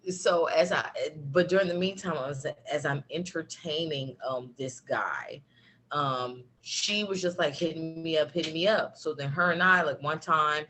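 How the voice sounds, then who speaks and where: A woman telling a personal story in a casual chat, animated, laughing, with lots of fillers. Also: deep voice, normal speed, soft background music. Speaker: guest.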